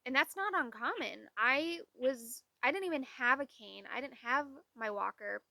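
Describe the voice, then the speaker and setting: A woman's voice: sits high, lively intonation, normal speed, gravelly, sharp tone, dry recording. A young woman talking casually into the camera, telling candid, exasperated stories and acting out what others said. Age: young adult. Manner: candid, exasperated storytelling with quoted voices. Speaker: vlogger. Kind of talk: casual vlog talk.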